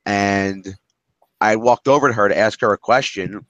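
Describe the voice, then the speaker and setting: A man's voice: fairly low pitch, normal speed, a bit bright, no echo, highs cut off. A man leading a class discussion, telling candid stories in a rambling way with many restarts.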